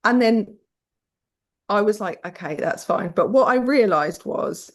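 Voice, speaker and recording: A woman's voice: medium pitch, animated, unhurried. A British woman guest telling parenting stories frankly, swearing casually and acting out quoted voices. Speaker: podcast guest. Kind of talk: candid conversational storytelling.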